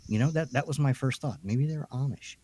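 A man's voice: medium pitch, fairly quick. A man on a podcast telling a ghost story in a rambling, casual way, full of restarts and asides. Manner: chatty, animated storytelling. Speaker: podcast co-host.

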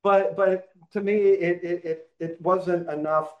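A man co-hosting a casual movie podcast, speaking haltingly with many fillers. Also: high-pitched, fairly even intonation, lo-fi sound. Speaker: podcast co-host. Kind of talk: casual chat.

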